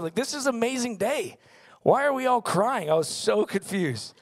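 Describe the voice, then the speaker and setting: Young guy preaching, high voice, earnest, keeps asking why and answering himself. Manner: earnest storytelling, rhetorical questions. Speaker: pastor. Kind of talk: sermon.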